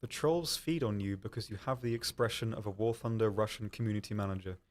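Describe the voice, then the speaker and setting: A young man hosting a live stream talks fast in a lowish voice, casually reading out questions from chat and answering them. His answers are sprinkled with ums and self-deprecating asides.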